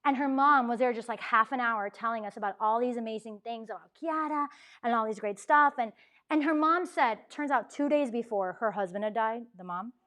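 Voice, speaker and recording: Woman telling a story to a campus group, fairly high voice, acts out what people said, says "like" a lot. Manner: animated, acts out quoted dialogue, frequent "like" fillers. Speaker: campus ministry speaker. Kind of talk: lively storytelling talk. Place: university talk room.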